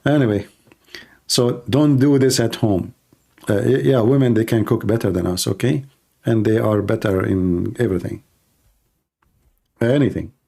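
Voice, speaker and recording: A man's voice: on the low side, moderate pace, gravelly, pauses often, mellow, slightly rough. A man hosting a teasing, joking live-stream cooking chat. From Middle East. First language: Arabic. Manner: teasing, joking, laughing at own jokes.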